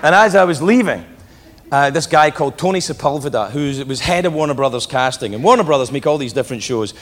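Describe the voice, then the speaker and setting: A man's voice: a little high, animated, quick pace. A man doing stand-up comedy, telling a story with laughing asides and swearing, on a stage before a live audience. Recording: live club with crowd noise.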